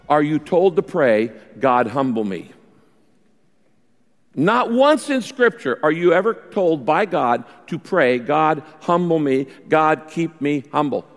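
A man's voice: fairly high pitch, big-room sound. A male pastor preaching a sermon in a conversational way, repeating his key points.

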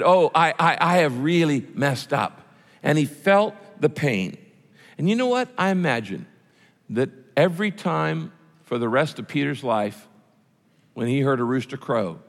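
Male pastor, emphatic and repetitive sermon delivery, lively pitch, hall reverb.

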